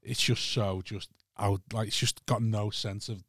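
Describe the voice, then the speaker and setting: A man's voice: fairly low pitch, steady tone, a little slow, fairly bright tone, dry recording, clean studio sound. A man chatting casually, often agreeing briefly and ranting in asides. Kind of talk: casual chat.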